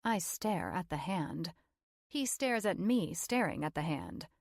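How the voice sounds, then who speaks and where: A woman's voice: on the low side, very animated, unhurried, gravelly, breathy edge, dry recording. A woman narrating a first-person romance audiobook in a wry, playful storytelling manner.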